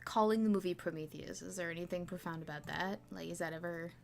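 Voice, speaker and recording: A woman's voice: on the low side, fairly even intonation, fast, gravelly, darkish tone, a little hiss or hum. A woman co-hosting a casual podcast, asking curious, dry questions about a film she hasn't seen. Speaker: podcast co-host. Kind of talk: casual chat.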